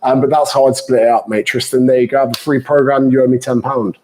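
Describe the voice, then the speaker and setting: Chatty British fitness coach, bantering. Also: male voice, medium pitch, level tone, quick pace, dark tone, slight background noise, poor audio. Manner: chatty, banter-heavy, calls people mate. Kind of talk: live Q&A answering viewer comments.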